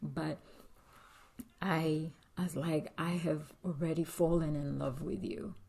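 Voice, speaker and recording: A woman's voice: deep voice, steady tone, slow pace, vocal fry, a little mellow, husky. A woman vlogger telling a personal story in a confiding way, with many fillers and frequent drops into a whisper. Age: adult with a young daughter.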